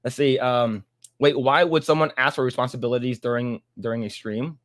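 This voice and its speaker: A man's voice: medium pitch, steady tone, brisk, dry recording, clean studio sound. A man hosting a casual livestream chat, rambling and laughing often. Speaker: podcast host.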